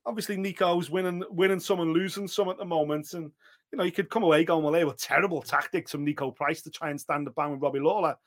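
A man co-hosting a podcast in casual sports chat, animated and swearing freely, often acting out what other people said. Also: fairly high pitch, quick pace. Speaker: podcast co-host.

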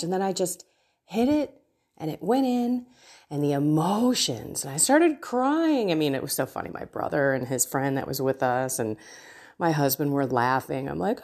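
With a lowish, expressive voice that's a little mellow and breathy-edged, a middle-aged faith coach hosts a devotional podcast at a moderate pace. She speaks casually and earnestly about praying in her own life, encouraging her listeners personally.

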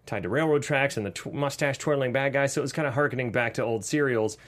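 A man in his thirties co-hosting a casual movie review podcast, animated and acting out quotes in silly voices. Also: medium pitch, fast talker. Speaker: podcast co-host.

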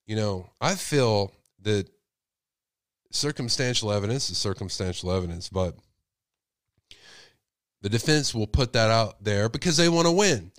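A man's voice: on the low side, lively intonation, measured pace, long pauses, dry recording. Guy with a cold running a call-in show, lots of rhetorical questions, dry sound. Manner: speculative, asks rhetorical questions. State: sick with a cold. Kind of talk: casual call-in show talk.

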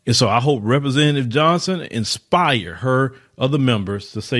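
A man's voice: mid-range voice, expressive, moderate pace, a bit bright. A man hosting a podcast, giving an emphatic opinion monologue with rhetorical questions and repeated words for stress, speaking. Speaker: podcast host.

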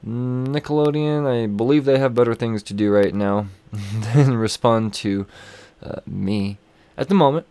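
A man's voice: lowish voice, fairly even intonation, measured pace, warm tone, clean tone, no echo. A man chatting loosely about comics on his own show, full of swearing and loose asides. He is wired on coffee late at night. The recording is close and dry. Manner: rambling, profane, chuckling. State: over-caffeinated late at night. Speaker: comic book podcast host. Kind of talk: casual review chat.

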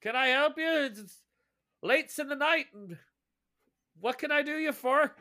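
A man voicing a young male ship's guard on night watch, hailing loudly and eagerly. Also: very high voice, measured pace, voice pushed up, heavily acted.

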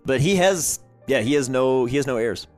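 A young man narrating a tabletop game as game master, in a relaxed, filler-heavy storytelling manner. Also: medium pitch, normal speed, soft background music.

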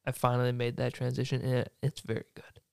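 A man's voice: medium pitch, completely flat delivery, quick pace, creaky, clear, resonant tone, no echo. Young guy quizzing his mom at home, easygoing, dry close sound. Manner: easygoing, laughs often. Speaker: son interviewing his mother. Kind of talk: casual chat. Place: home basement.

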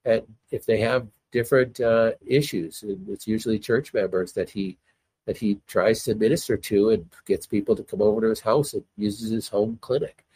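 A man who is a doctor, a guest on a call, explaining in a relaxed way with many fillers. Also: on the low side, moderate pace, breathy edge, no room sound. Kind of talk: explanatory conversation.

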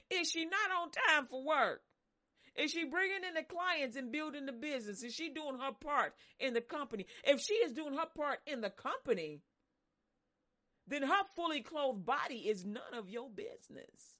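A woman preaching, her voice a touch high. She is animated and dramatic, swings between loud, soaring lines and soft, low ones, and acts out voices as she goes. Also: moderate pace. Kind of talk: sermon.

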